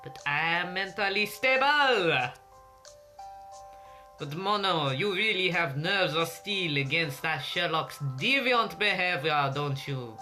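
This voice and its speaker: A woman voicing a suave, teasing male French detective with a put-on French accent, drawling theatrically over loud game music. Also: fairly low pitch, lively intonation, takes it slowly, heavily acted. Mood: smug.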